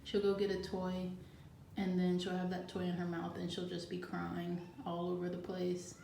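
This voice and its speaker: Woman host, lowish voice, casual gardening how-to, echoey home kitchen. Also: completely flat delivery, normal speed, creaky, mellow. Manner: chatty and easygoing, thinking aloud as she works. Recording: echoey room with faint background noise.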